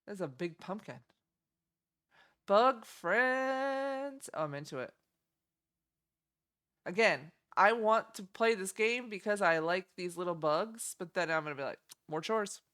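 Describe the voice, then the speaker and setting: A woman's voice: mid-range voice, unhurried, long pauses, fairly bright tone. A young woman streaming, chatting casually and giggling as she reacts to game trailers. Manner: chatty, giggly, easily delighted.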